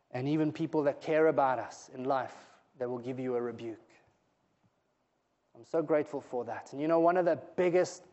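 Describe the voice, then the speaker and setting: Male preacher, high pitch, emphatic sermon delivery, long hall reverb. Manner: emphatic, rising to loud pleading peaks. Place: church hall.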